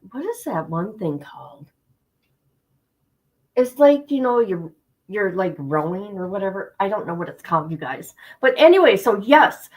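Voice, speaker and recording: A woman's voice: mid-range voice, low-quality recording. Middle-aged woman, livestream host; casual, chatty, repeats herself for emphasis, addresses viewers directly. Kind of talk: casual chat with stream viewers.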